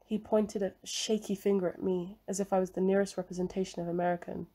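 A woman reading a novel aloud as scripted narration, in a measured, even storytelling manner. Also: medium pitch. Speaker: audiobook reader.

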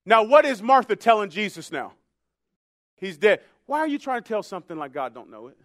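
A male pastor preaching a sermon, swinging from hushed, near-whispered passages to loud shouted climaxes. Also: sits high, big pitch swings, brisk, dry recording. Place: church sanctuary.

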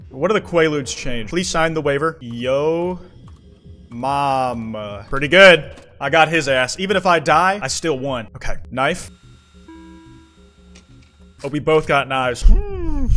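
A young man with a high, bright voice gives gaming commentary, his pitch leaping all over as he swears and shrieks at the screen. Faint game music plays behind him. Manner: excitable, profane, yells and shrieks at the game. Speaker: streamer playing a video game.

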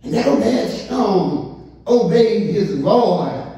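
A man preaching a sermon as pastor, drawing out his words and rising into excited calls to the congregation. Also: sits high, takes it slowly. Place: church sanctuary. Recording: echoey church from far off.

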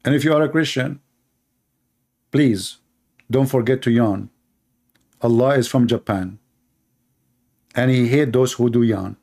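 Brief: sarcastic commentator, a man with an Arabic accent, middle pitch, broken grammar, mocking delivery, repeats words. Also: unhurried, gravelly, pauses often, a little mellow. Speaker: Christian apologist commentator. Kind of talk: mocking monologue.

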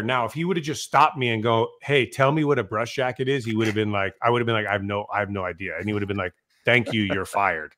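Middle-aged male firefighter guest; lively storyteller who voices the people in his tales. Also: medium pitch, fast. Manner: animated storyteller, swears, acts out quotes loudly. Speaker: podcast guest, fire captain. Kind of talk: casual storytelling.

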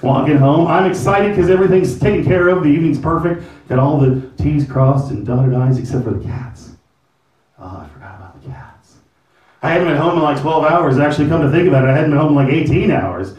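A man doing a stand-up comedy set at a venue, telling a long story in an animated way and tossing in frequent "right?" asides. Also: fairly high pitch, a little fast. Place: comedy venue with live audience. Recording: roomy, from far off.

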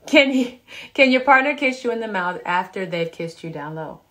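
A woman in her thirties hosting a casual live stream from home on a phone, chatting with viewers and reading out their comments in a relaxed, chatty way. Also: mid-range voice, moderate pace. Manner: relaxed, chatty, laughing asides. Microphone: phone camera.

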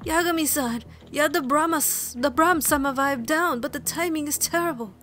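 A woman records gaming commentary, voicing the characters' lines herself and then dropping into quiet asides between them. Her voice sits a little high, and soft game music plays underneath. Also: normal speed. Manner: reads game text aloud with playful asides and mutters. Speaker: let's play streamer. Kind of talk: gaming commentary and reading game dialogue aloud.

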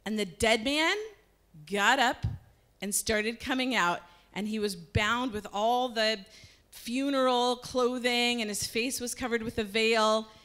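A woman's voice: fairly high pitch, a little slow, fairly bright tone. Woman retelling a Bible story casually. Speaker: storyteller in church service.

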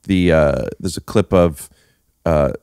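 Deep-voiced man bantering. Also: takes it slowly, darkish tone, smooth, dry recording, studio quality. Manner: joking, teasing banter. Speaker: podcast host. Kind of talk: casual chat.

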